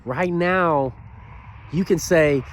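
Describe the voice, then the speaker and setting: High-voiced earnest man in his thirties. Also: very slow. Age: 30s. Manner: earnest and preachy, many "you know what?" asides; swings between loud bursts and quiet low passages. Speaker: motivational speaker. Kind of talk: motivational talk to camera.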